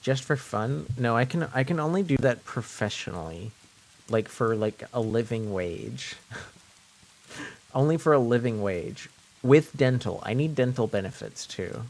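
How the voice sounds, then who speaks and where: A man's voice: medium pitch, animated, normal speed, gravelly. A man from French Canada streaming live, chatting casually and jokingly with his viewers, rambling and often repeating himself.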